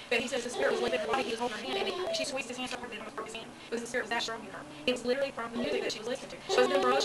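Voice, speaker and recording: A woman at a church Bible study earnestly sharing a personal testimony. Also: on the high side. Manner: earnest, emotional, rushed. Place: church room with a group. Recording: distant mic in noisy room.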